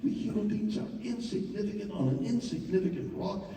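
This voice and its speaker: A man giving a theatrical live monologue, swinging from hushed murmurs to loud outbursts, with halting repetitions. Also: sits high, a little hiss or hum. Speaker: stage performer telling a personal story. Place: large theater. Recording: echoey hall, mic far off.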